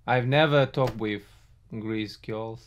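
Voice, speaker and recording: A man's voice: fairly low pitch, takes it slowly. A man from Russia with a Russian accent, chatting in a friendly way with strangers on a video call. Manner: friendly, teaching words, breaks into song. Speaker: musician host. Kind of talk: casual video chat.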